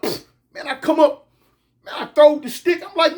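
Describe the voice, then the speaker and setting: A man casually telling a comic story from his own life, animated and full of street slang. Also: very high-pitched. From California. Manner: animated, slangy, drawn-out pauses.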